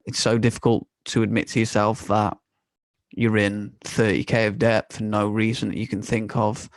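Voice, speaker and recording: Young man, podcast host, low voice, even delivery, casual candid monologue. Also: moderate pace, dry recording. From United Kingdom. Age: young adult. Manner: candid and conversational, swears and laughs often.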